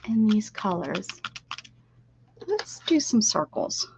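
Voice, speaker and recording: A woman's voice: mid-range voice, expressive, normal speed, a little mellow, slight background noise. A woman from Pennsylvania hosting a casual art livestream, chatting directly to her viewers while drawing and sometimes dropping into a whisper. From Pennsylvania, USA. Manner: chatty, talks straight to viewers, drifts into whispers. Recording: slightly dull lo-fi stream audio.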